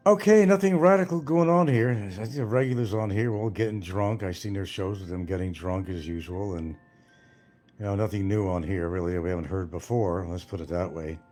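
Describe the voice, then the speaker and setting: A man's voice: low-pitched, steady tone, a little fast, mellow, soft background music. An older retired man hosting a livestream, rambling casually from topic to topic and swearing freely. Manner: meandering, swears freely, jumps between topics. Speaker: livestream host.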